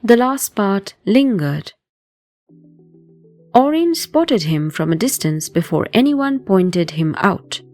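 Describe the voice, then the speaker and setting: A woman narrating a supernatural audio thriller in a measured, descriptive way. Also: mid-range voice, very animated, darkish tone, soft background music. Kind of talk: scripted audio drama narration.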